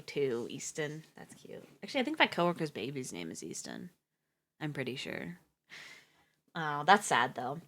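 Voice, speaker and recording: Low-voiced rambling woman streamer. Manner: rambling and chatty, laughs often, swears casually. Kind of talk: casual chat on a reading livestream.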